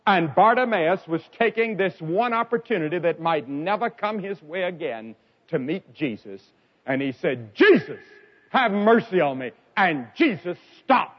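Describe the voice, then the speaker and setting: A man delivers an evangelistic sermon in a fairly high voice that leaps up and down in pitch. He tells his stories dramatically, rising to loud cries and dropping to hushed lines. The old recording sounds dull and lo-fi. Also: lively intonation, moderate pace, slightly rough. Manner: dramatic storytelling with sharp swings in pitch and loudness. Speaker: preacher.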